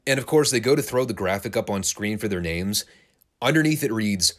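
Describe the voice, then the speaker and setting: Male reviewer, low register, very animated pitch, casual swearing commentary. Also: fairly quick. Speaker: wrestling show reviewer.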